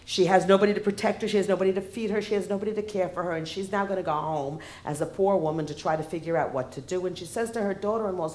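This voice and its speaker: A woman's voice: lowish voice, quick pace, darkish tone. A woman giving a humorous lecture, wry in tone and often asking the audience rhetorical questions. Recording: roomy echo.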